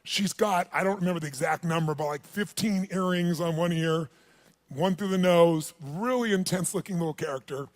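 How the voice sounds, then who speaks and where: A man's voice: sits high, normal speed. A man giving a motivational seminar, animatedly telling a story, acting out its dialogue and calling on the audience. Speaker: motivational speaker.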